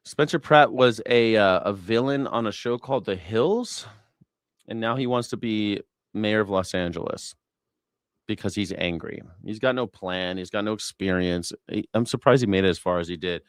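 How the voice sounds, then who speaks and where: A man's voice: fairly low pitch, normal speed, smooth, no room sound, clean studio sound. A man hosting a news reaction stream, talking casually and sarcastically over clips, swearing freely.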